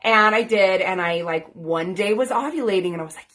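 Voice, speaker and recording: A life coach in her thirties tells her own story to camera in a raised, fairly quick, medium-pitched voice with a bit of brightness. She comes across as earnest, grateful and chatty, with plenty of "like" and "um."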